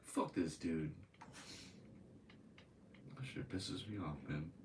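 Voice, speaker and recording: A man's voice: rumbling low, slow, recorded from a distance, a little hiss or hum, low-quality recording. A man hosting a podcast, reading news aloud and breaking into profane, angry commentary. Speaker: podcast host.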